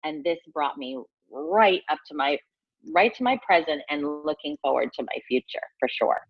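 Low voiced woman in her 40s, halting and heartfelt, keeps restarting, dry and kinda muffled sound. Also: expressive, husky, dry recording. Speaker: guest. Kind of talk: personal storytelling interview.

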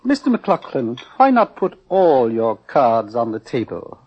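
A sly villainous schoolmaster. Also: male voice, medium pitch, very animated, a little slow, muffled recording, slight background noise. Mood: menacing. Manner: smooth, mocking, chuckling, formal wording. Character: sly, sinister male schoolmaster, scheming villain. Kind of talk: 1940s radio acting.

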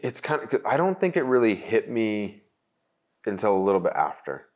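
Young guy with a low voice rambling through his story, lots of likes, gets emotional. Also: very animated, moderate pace. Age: young adult. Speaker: guest. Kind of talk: candid interview storytelling.

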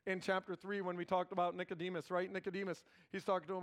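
A man preaching a sermon, moving between emphatic loud passages and hushed low ones and acting out biblical characters in quick quoted asides. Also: flat delivery. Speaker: pastor.

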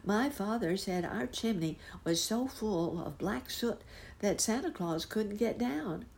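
A woman's voice: medium pitch, expressive, a little slow, gravelly, a little mellow, pitched above the performer's own voice. A woman voicing a resigned, unsure young boy in a storybook.

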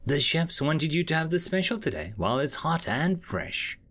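A man's voice: fairly high pitch, very animated, normal speed, a bit bright, voice pushed up. A man doing a jittery little alien secretary. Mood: nervous. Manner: anxious, stammering, deferential. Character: nervous little blue male alien secretary.

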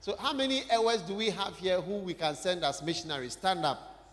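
A man's voice: sits high, brisk, fairly bright tone. A man preaching a sermon, talking conversationally and putting questions directly to the congregation in a church hall.

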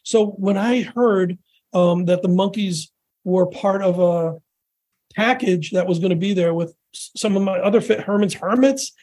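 An older American man in his sixties tells long, animated stories as a podcast guest. His voice sits high for a man, and he rambles through restarts and quick quoted asides. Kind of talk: casual storytelling interview.

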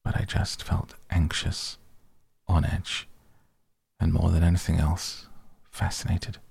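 A man reading a novel aloud in first person, slow, even and deliberate. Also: low-pitched, vocal fry, breathy edge, no echo. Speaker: audiobook reader.

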